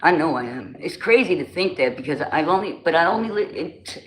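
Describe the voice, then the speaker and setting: In a roomy recording with faint background noise, a woman in her forties with a New Jersey accent hosts a casual livestream. Her voice is low, expressive, and fairly quick as she chats loosely with viewers, greeting them by name in slangy talk.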